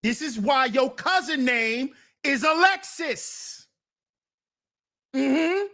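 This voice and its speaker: High pitched guy, blunt casual rant, scolding his chat. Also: animated, extremely slow, sharp tone. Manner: blunt, scolding, talks back to viewers. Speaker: commentary channel host.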